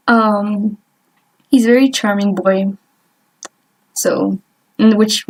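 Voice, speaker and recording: A young woman vlogger chatting casually while she doodles, rambling and trailing off with lots of fillers and little laughs. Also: mid-range voice. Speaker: artist vlogger.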